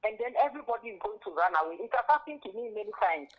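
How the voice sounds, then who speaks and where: A woman's voice: on the high side, expressive. Woman calling in, muffled phone sound, hesitant, lots of restarts. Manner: hesitant, halting retelling. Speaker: caller. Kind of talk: phone-in call.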